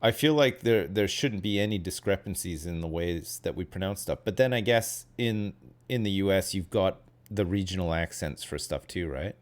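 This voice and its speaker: Rambling Canadian man, low voice. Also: expressive, moderate pace. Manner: rambling, full of "like" and "right?". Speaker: streamer chatting with a guest. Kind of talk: casual chat.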